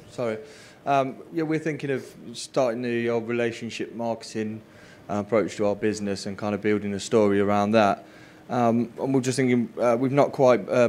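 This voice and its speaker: A man with a mid-range voice asks a question from the floor of a large hall, pausing often and hesitating. Faint noise sits behind him. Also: medium pitch, a little mellow. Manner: hesitant, many fillers. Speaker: audience member asking a question.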